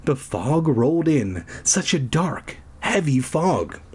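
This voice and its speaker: A man voicing a sad young ghost girl in a spooky camp story, speaking softly and mournfully, with a slow, husky voice. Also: on the high side, big pitch swings, exaggerated voice. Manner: soft, sighing, mournful delivery.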